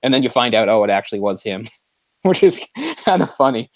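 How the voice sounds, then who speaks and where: A man's voice: medium pitch, animated, a little fast, no room sound. A man co-hosting a casual movie discussion podcast, rambling, searching for words and laughing often. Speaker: podcast co-host.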